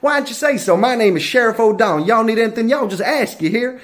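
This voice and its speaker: A man's voice: very high-pitched, expressive, fast, fairly bright tone, pitched above the performer's own voice. A man doing a blustering sheriff. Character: American sheriff, gruff southern lawman.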